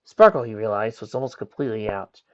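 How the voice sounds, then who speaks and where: A man's voice: fairly low pitch, fast talker, highs cut off. A man reading a pony fan story aloud, voicing each character's lines in turn. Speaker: fanfiction reader. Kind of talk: storybook narration.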